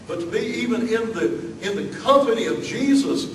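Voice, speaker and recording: Folksy Southern pastor preaching from off-mic. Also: male voice, high voice, animated, moderate pace, reverberant, recorded from a distance, a little hiss or hum, poor audio. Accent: Southern US (Alabama). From Alabama, US. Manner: folksy, many fillers and asides. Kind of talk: sermon.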